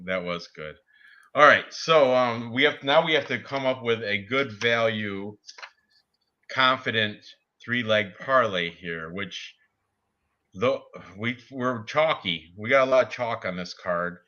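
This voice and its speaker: A man co-hosting a casual sports betting chat, talking excitably and laughing at his own jokes. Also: medium pitch, measured pace, lo-fi sound. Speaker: podcast co-host.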